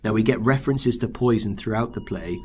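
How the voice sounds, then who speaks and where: Male teacher, literature lesson, husky, lowish voice, hesitant. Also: fairly quick. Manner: hesitant, many fillers and restarts. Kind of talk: recorded exam-revision lesson.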